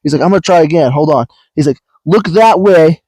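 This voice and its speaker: Brief: young guy, casual podcast storyteller, rambly and profane, a bit high-pitched, dry close sound. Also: brisk, no room sound. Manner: rambling storyteller, swears a lot, acts out quotes loudly. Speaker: podcast co-host. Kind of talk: casual chat.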